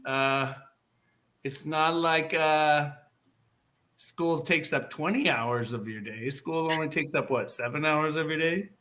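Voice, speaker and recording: Bright-voiced rambling male host. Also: on the high side, slow pace. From Northern California. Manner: animated, rambling with many fillers. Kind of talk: casual live chat. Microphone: video call.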